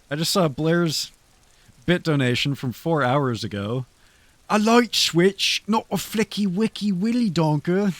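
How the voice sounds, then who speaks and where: A man in the middle of a casual stream sign-off, rambling to his viewers and swearing freely. His voice sits at an ordinary middle pitch. It comes across dry and close on a streaming mic. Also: no room sound. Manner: loose, rambling, swears freely, talks to chat.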